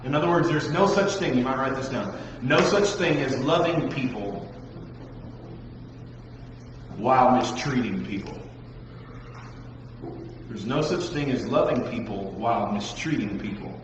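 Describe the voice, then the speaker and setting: A man's voice: medium pitch, measured pace, long pauses. Man preaching in an echoey hall. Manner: lively, talks straight to the young listeners, acts out voices. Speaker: pastor. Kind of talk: sermon. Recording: dull, echoey hall recording with faint noise.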